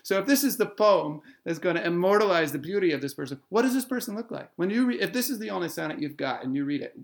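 Gravelly man discussing and reading poetry. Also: high-pitched. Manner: playful, animated explainer, reads verse slowly. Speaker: literature scholar.

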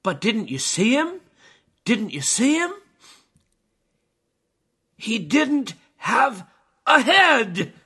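A man's voice: extremely high pitch, sing-song, extremely slow, long pauses, pushed and bright, slightly rough, voice pushed up, heavily acted. A man voicing a horrified male climber who has just seen something terrible. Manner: shocked, insistent.

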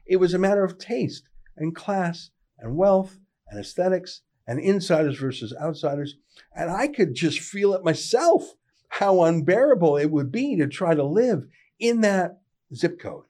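A man's voice: on the high side, a little mellow. A man delivering a sardonic, conversational political opinion monologue. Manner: sardonic, conversational, dry mockery. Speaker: political commentator.

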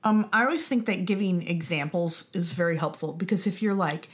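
A woman co-hosting a casual chat about running tabletop games, chatty, with quick affirmations and little acted-out exchanges. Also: fairly low pitch. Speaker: podcast co-host.

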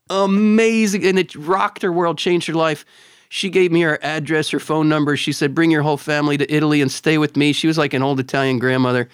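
A middle-aged man co-hosting a podcast, telling stories in an animated way and repeating words when excited. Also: fairly high pitch, brisk, smooth, no room sound, clean studio sound. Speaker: podcast co-host. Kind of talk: casual chat and storytelling.

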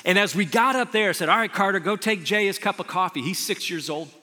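A man preaching a sermon as pastor, telling stories with animated energy. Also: sits high, fast talker. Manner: animated storytelling, shouts in retold scenes. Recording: long hall reverb.

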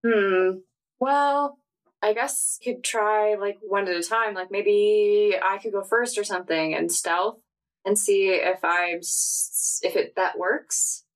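Woman, tabletop player, casual, chatty, thinking aloud, mid pitch. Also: steady tone, slow pace, rough recording. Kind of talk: casual tabletop game play.

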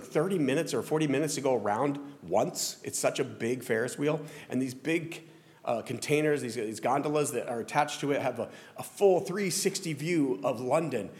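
Southern-accented male pastor, chatty self-deprecating sermon, slightly high voice. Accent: Southern American. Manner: conversational, self-deprecating preaching with frequent restarts. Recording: long hall reverb.

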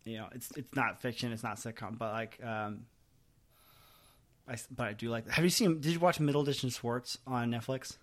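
A man co-hosting a podcast in casual chat, rambling and animated, often laughing and trailing off softly. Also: mid-range voice, moderate pace. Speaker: podcast co-host.

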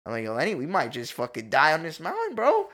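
A man telling a story in a casual, animated chat, full of slang and swearing. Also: on the high side, fast.

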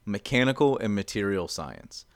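A man's voice: fairly low pitch, expressive, moderate pace, no echo, clean studio sound. A young man in casual chat as podcast cohost, explaining with lots of fillers and restarts. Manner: rambling explainer, many fillers.

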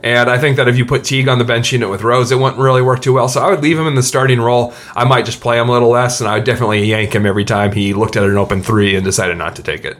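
Male podcast co-host, casual sports chat, lively asides. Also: medium pitch, racing, hardly any pauses.

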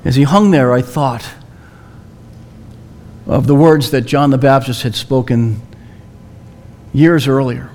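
A man preaching a sermon, telling a story slowly and dramatically with long pauses. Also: medium pitch, a little mellow.

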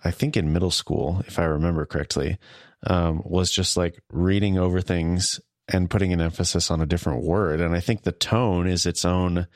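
A man's voice: low voice, fairly even intonation, normal speed, no room sound, clean studio sound. A man co-hosting a podcast, talking in an easygoing, reflective way and reading scripture aloud in a casual Bible study discussion. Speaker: podcast co-host.

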